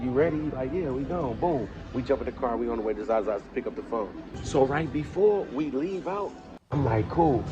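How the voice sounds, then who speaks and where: A man vlogging a casual storytime rant, animated and swearing heavily, with loud angry outbursts. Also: medium pitch.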